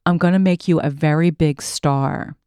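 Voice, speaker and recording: A woman's voice: sits low, fairly even intonation, moderate pace, warm tone, clean tone, no echo, lightly acted. A curt, domineering male studio boss, read by a woman.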